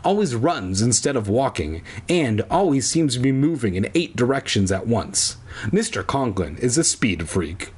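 Husky man with a sarcastic, lively delivery. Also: mid-range voice, moderate pace. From Southern California. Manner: sarcastic, rambling. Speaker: host reading a children's horror book aloud. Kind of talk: comic reading with crude asides.

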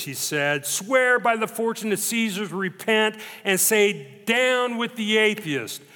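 A man preaching a sermon as pastor, emphatic and dramatic, slowing down to stress repeated phrases. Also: sits high, sharp tone. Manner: emphatic, dramatic retelling with slow stressed repetitions. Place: church sanctuary. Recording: long reverb of a church hall.

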